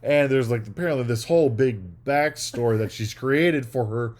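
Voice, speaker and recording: A man's voice: mid-range voice, moderate pace, darkish tone. A man co-hosting a podcast in casual chat, rambling and acting out scenes he describes. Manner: rambling, acts out quoted scenes. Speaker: podcast co-host.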